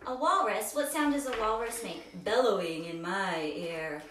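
A woman teaching a children's yoga storytime, reading aloud in a slow, coaxing, sing-song way. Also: mid-range voice, fairly bright tone, a little hiss or hum. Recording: roomy, distant from mic.

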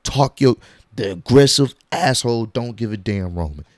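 Guy ranting about wrestling, slangy and hyped, jumps up high when he quotes people, dead dry sound. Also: moderate pace, no room sound. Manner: animated, slangy, acts out quotes in bursts. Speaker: wrestling commentary vlogger. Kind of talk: casual opinion vlog.

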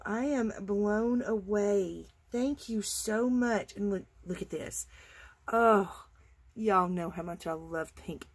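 A woman's voice: on the low side, slightly rough. A woman from Georgia, hosting a casual craft vlog and gushing with enthusiasm over what she shows, at times dropping to a near-whisper. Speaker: craft channel host. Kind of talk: casual show-and-tell vlog.

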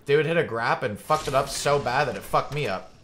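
Profane, excitable young male streamer. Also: mid-range voice, a little fast, a crowd in the background. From Georgia, United States. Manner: profane, excitable, chatty with viewers. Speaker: game streamer. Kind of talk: casual live gameplay commentary.

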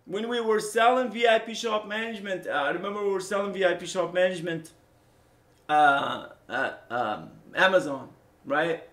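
A middle-aged man who owns a software company, a native Arabic speaker from the Middle East, rants passionately to camera off the cuff. He repeats himself and swings between loud and low, at a normal pace in a roomy-sounding space.

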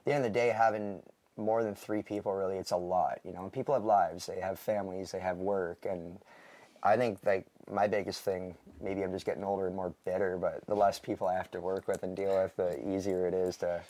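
A man with a very low voice talks about his band in a loose interview. He rambles, leans on fillers, and slips in dry jokes. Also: level tone, fairly quick, a little mellow. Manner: rambling, filler-heavy, joking. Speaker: band member. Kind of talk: casual interview chat.

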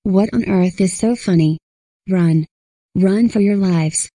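A woman's voice: mid-range voice, slow pace, dark tone, dry recording. A woman voicing a smug male goat-headed forest creature, theatrical and pleased with himself, in a storybook reading. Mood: indignant.

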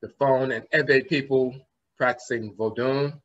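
A man's voice: medium pitch, steady tone, measured pace. A man giving a conference lecture, explaining word roots and spelling terms out letter by letter, often trailing off with "and so forth". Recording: slightly muffled lo-fi recording.

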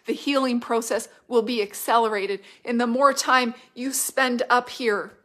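A middle-aged woman delivering a prophetic word, fervent and repetitive, swinging between loud declarations and hushed whispers. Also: on the high side, fairly even intonation, measured pace, hardly any pauses. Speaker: prophetic minister.

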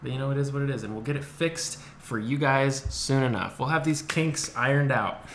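A man's voice: medium pitch, brisk. Laid-back cursing man in an echoey room. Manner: laid-back, profane, laughs often. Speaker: podcast co-host. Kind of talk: casual chat. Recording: echoey room, faint background noise.

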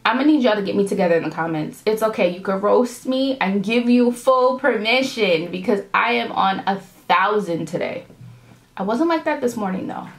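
A woman from New York City giving a casual tarot reading to her viewers. She is animated and rambling, with slang, swearing and big swings in pitch. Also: moderate pace. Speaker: tarot reader.

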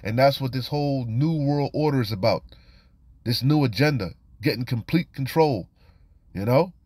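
A man reads scripture and comments on it in a loose, conversational style, warning his listeners. He keeps falling back on "you know" and "man". His voice sits at a middling pitch and sounds close and dry, with no room sound. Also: moderate pace, a little mellow, husky, no echo. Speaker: scripture teacher. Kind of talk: informal scripture study and warning.

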